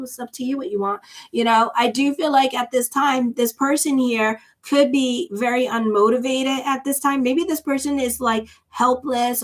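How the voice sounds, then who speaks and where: A woman astrologer giving a casual tarot reading, chatty and blunt, with lots of fillers. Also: a little high. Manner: chatty, blunt and sassy, many "you know" fillers.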